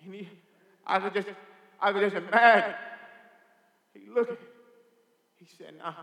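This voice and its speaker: A man's voice: sits high, fairly even intonation, measured pace, pushed and bright. A man preaching a sermon in a church sanctuary, fervent and emphatic, calling out hallelujah and amen. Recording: reverberant church hall.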